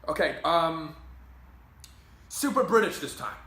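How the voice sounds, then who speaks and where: A man playing an offbeat casting director who gives halting, filler-heavy directions. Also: on the high side, animated, pushed and bright. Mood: offhand. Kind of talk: comedy sketch acting. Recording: echoey room, faint hiss.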